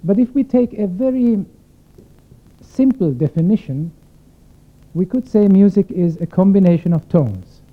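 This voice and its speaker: A man's voice: high voice, expressive, measured pace. A man who is a concert violinist, speaking to the audience before a piece in a reflective, explaining way and asking them questions. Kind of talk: spoken introduction at a concert. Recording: thin phone-like sound.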